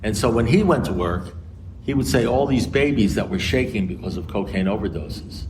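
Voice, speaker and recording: American man telling a lively story. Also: normal speed. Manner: animated, acts out dialogue with swings in pitch. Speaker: recovery meeting speaker. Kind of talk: storytelling talk. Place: meeting room. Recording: noisy room recording.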